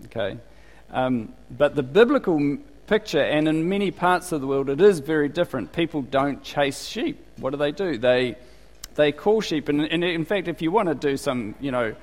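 A man's voice: a little high, animated, moderate pace. A man from New Zealand with a New Zealand accent, preaching in a casual, conversational way and asking the congregation questions. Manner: chatty, asks the congregation questions. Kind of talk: conversational sermon. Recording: long reverb of a hall.

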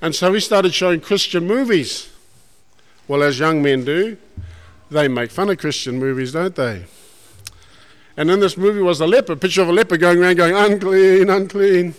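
A man preaching a sermon, folksy and animated, putting questions to the congregation. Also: fairly high pitch, normal speed, pauses often. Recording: long hall reverb.

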